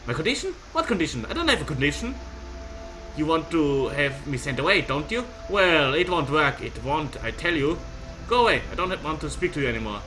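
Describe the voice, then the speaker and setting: A man voicing a spiteful, mocking young woman in a shrill, high-pitched, taunting voice. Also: expressive, a little fast, sharp tone, faint music behind, poor audio.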